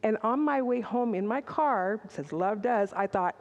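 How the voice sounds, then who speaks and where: A woman's voice: medium pitch, a little slow, a little mellow, dull audio. An older woman giving a candid, conversational sermon, with personal asides and restarts. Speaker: speaker at a church service. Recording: long reverb in a large hall.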